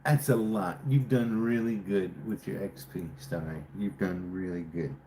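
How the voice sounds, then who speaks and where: A man's voice: low-pitched, a little slow, slight background noise. Chatty man teasing his livestream chat. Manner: chatty, teasing, guessing names out loud. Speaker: livestream host. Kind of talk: casual live-stream chat with viewers.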